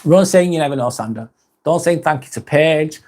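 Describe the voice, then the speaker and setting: A man's voice: a little high, lively intonation, normal speed, darkish tone. Man hosting a live stream. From northwest England. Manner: friendly, reads viewer comments aloud and replies. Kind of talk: casual live chat reading comments.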